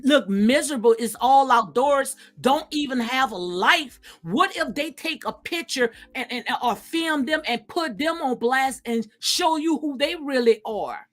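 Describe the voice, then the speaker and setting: A woman's voice: high voice, animated, measured pace, few pauses. A woman hosting a reaction commentary, talking straight to her viewers, emphatic and repeating her points. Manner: emphatic, repeats phrases, addresses viewers directly. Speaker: commentary channel host. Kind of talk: reaction commentary on viral clips.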